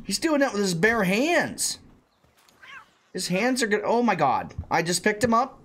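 A young man giving excited, jokey let's-play commentary, often bursting into shouts. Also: high voice, a little slow. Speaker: gaming YouTuber playing a creature-catching game.

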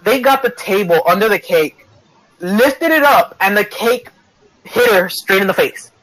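Guy with a high voice ranting through a funny story, curses a lot, little bit of hiss behind him. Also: unhurried, low-quality recording. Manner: animated storytelling, swears a lot, laughs often. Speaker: group chat member telling a story. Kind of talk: casual voice chat.

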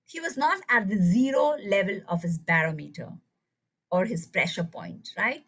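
Lively husky lady running a teacher workshop on a call, tells a story, asks the group stuff. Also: mid-range voice, normal speed, low-quality recording. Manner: engaging, animated, asks the audience questions. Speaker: teacher trainer.

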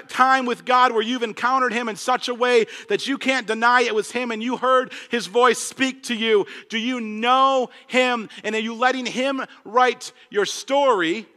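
A male pastor preaches to his church in a high, bright voice. He is earnest, pressing some points hard and dropping others to a hush, and a long reverb trails his words through the hall. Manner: earnest, swings between emphatic and hushed. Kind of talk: sermon.

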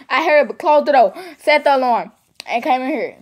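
Her voice sits high and moves along fairly quickly as she tells her viewers a relaxed, rambling story. The vlogger is animated, speaks right to the camera audience, and leans on repeated phrases for emphasis.

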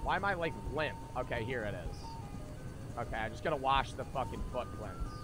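Rich: A young man streaming a horror game live, talking loosely and profanely to his chat as he plays. His voice sits at an ordinary middle pitch, and game music plays steadily behind him. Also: expressive, fairly quick. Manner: casual, profane, chatty with viewers. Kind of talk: live gameplay commentary.

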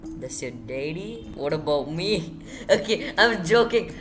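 A male gaming host giving casual gameplay commentary, excitable, yelping high and repeating himself. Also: slow pace. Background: game music playing under the voice.

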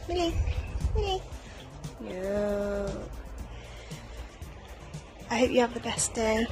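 A mother talks softly and slowly into her phone, a little shy but full of affection, in a fairly high voice. Faint music plays underneath the recording. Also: low-quality recording. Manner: soft, affectionate, a bit self-conscious. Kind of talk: recorded birthday video message.

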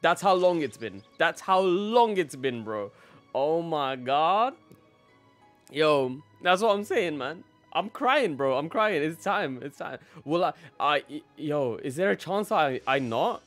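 A man's voice: fairly high pitch, lively intonation, slow, faint music behind. A young man live-streaming a game, casually greeting his chat by name and laughing often.

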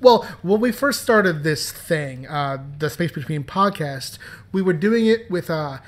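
A man's voice: a little high, expressive, a little slow. A man hosting a podcast and talking about his comics in a playful, joking, chatty way. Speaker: podcast host and comics writer. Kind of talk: casual podcast commentary.

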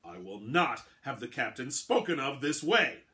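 A man voicing a gruff, hot-tempered male gnome quartermaster who snarls threats. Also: fairly low pitch, expressive, quick pace, a bit bright. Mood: furious. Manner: angry, threatening.

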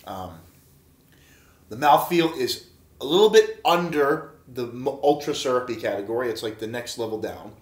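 A man's voice: mid-range voice, expressive, normal speed, echoey room. A man reviewing beer in a casual, chatty vlog, enthusiastic and talking straight to his viewers. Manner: enthusiastic, chatty, repeats himself and addresses viewers as guys.

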